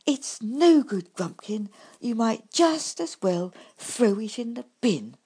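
A woman voicing a kindly, polite miniature male badger in a storybook, gentle and fussing over his friend. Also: on the high side, sing-song, slow pace, husky, voice pushed up, exaggerated voice. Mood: concerned. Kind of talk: storybook character voice.

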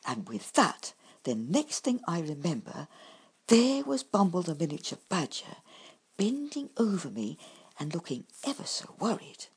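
Female storyteller, breathy, slow and measured, very lively melody for a bedtime tale. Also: fairly low pitch. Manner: measured, expressive reading.

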